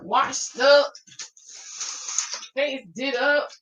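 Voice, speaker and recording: A woman's voice: high-pitched, steady tone, drawn-out words, fairly bright tone, lo-fi sound, slight background noise. A tired woman hosting a casual live stream, chatting with viewers and reading their comments. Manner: chatty, laughs often, talks to viewers as "babes" and "y'all". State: tired, winding down for bed. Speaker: YouTube host reading live chat.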